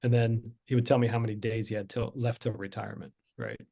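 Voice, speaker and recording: A man's voice: lowish voice, steady tone, quick pace, creaky, dark tone. Middle-aged guy on a podcast telling his story, chatty, lots of ums and restarts. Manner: candid, conversational, many fillers and restarts. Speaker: podcast guest. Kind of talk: storytelling in conversation.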